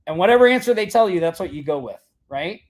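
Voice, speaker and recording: A man with a notably high speaking voice hosts a live show and walks his audience through a sales method. He talks casually and keeps asking "right?" and "okay?" to bring listeners along. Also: quick pace. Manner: energetic, checks in with "right?" and "okay?". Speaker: host of a live marketing show.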